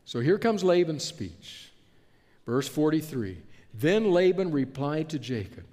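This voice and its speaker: A man preaching a sermon in an animated way, acting out the characters in the story he tells. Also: a little high, a little slow. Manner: animated, acts out the characters he describes. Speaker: pastor. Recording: long hall reverb.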